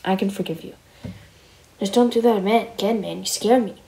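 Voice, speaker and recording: A woman's voice: medium pitch, moderate pace, vocal fry, mellow, close to an everyday voice, low-quality recording. A woman voicing a young male wolf in a Minecraft roleplay, talking casually, calling everyone bro and stammering with fillers. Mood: earnest. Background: background music.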